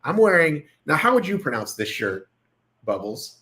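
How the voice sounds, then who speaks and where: A man's voice: a little high, big pitch swings, moderate pace, pushed and bright, rough recording. A man hosting a live online show, joking around and swearing freely in casual chat.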